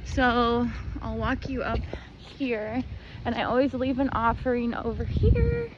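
A woman's voice: on the high side, animated, a little slow, muffled recording, background noise. A woman chatting casually to her camera outdoors at a rural crossroads, gushing and bubbly. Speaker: vlogger. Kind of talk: casual vlog chat.

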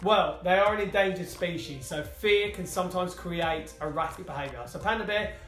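A British family vlogger reads comments aloud casually, with dry, teasing humour. His high, slightly bright voice keeps a moderate pace, recorded in an echoey room with faint music.

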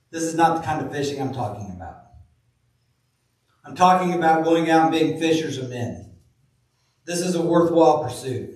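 Folksy preacher in an echoey church. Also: male voice, on the high side, darkish tone. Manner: folksy storytelling, slow deliberate reading of scripture. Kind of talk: sermon. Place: church sanctuary. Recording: very echoey room, from far off.

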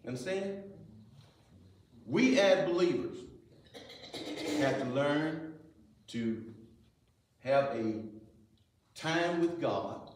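A man's voice: a little high, lively intonation, very slow, pauses often. A man teaching a Sunday school lesson in folksy preaching style, asking the class rhetorical questions. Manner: folksy preaching, Southern Black church vernacular. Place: church sanctuary. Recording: echoey church hall, mic far off.

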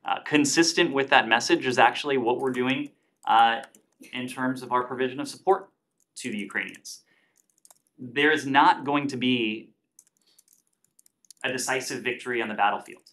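Male press spokesperson, mid-pitched, deliberate and measured, lots of filler pauses, briefing-room delivery. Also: a bit bright. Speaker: government spokesperson.

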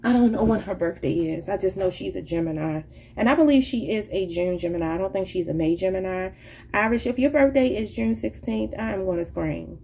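A woman's voice: mid-range voice, fairly quick, creaky, darkish tone, slight background noise. A woman giving a casual tarot reading, rambling and thinking aloud in an informal, chatty way. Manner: informal, says y'all. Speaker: tarot reader.

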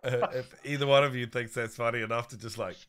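A man's voice: mid-range voice, fairly even intonation, fast talker, fairly bright tone. A man as a player in a tabletop game, joking casually with the others.

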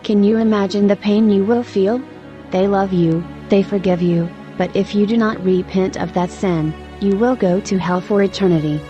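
A woman's voice: mid-range voice, fairly even intonation, moderate pace, warm tone, lo-fi sound, faint music behind. Earnest woman narrating a testimony. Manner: earnest, emotional storytelling. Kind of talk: scripted narration.

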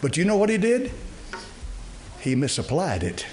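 Male preacher, fairly high voice, folksy and emphatic, fires questions at the congregation. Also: huge pitch swings, normal speed, a little mellow. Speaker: pastor. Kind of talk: sermon.

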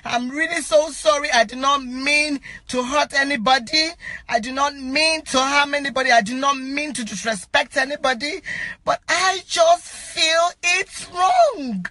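A crying woman records an appeal on her phone from inside a car, her very high, piercing voice leaping up and down as she pleads. She keeps breaking into shouts and repeating herself. The sound is close and dry, with no room echo. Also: steady tone, normal speed. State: crying, distraught. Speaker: actress. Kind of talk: emotional self-recorded appeal.

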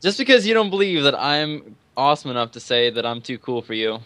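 A man's voice: medium pitch, brisk, a bit bright, dry recording. A man playing a game with friends over voice chat, laid-back and a bit hesitant. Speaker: game player. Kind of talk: casual voice chat while gaming.

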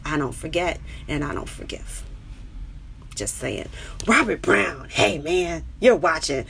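A woman with a New York accent, a stand-up comedian chatting casually with viewers on her own live stream, animated, with her voice jumping high when she gets excited. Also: unhurried, vocal fry, a little hiss or hum. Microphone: webcam or phone on a live stream.

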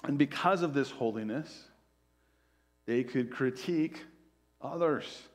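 Man preaching, quiet soft emphasis. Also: medium pitch, slow, long pauses. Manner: conversational preaching with frequent "right?" asides; drops to quiet, soft emphasis on key phrases. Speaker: pastor. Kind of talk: sermon.

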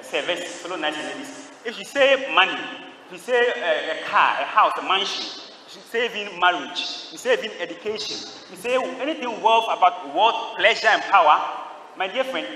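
A male priest preaches to a crowd of young people, throwing questions at them and waiting for their replies. His voice sits a little high and rings out bright and forceful. The sound comes from well back in a big, echoing church with a long reverb tail. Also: slight background noise. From Ghana. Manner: call-and-response preaching, quizzing the congregation. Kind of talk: homily at a youth Mass. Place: large church. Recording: echoey church heard from a distance.

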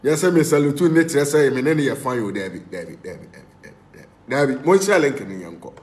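A man with a Ghanaian accent hosting an online show, lively and urging listeners on. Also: on the high side, fast talker, a little hiss or hum. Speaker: host. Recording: echoey recording.

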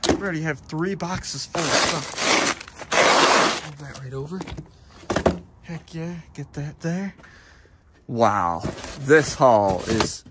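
A man narrating a dumpster dive in an excitable, lively voice, his pitch leaping up with every find. He sometimes drops to a half-whisper. Loud clattering noise sits behind him outdoors. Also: takes it slowly, long pauses. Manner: animated, exclaiming often, breaks into laughs. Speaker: dumpster diving vlogger. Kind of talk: excited casual narration to camera.

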